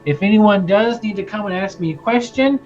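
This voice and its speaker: A woman's voice: medium pitch, brisk, darkish tone, highs cut off, soft background music, pitched above the performer's own voice, lightly acted. A man voicing a stern female town guard captain who gives blunt, swearing orders to a frightened crowd. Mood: commanding.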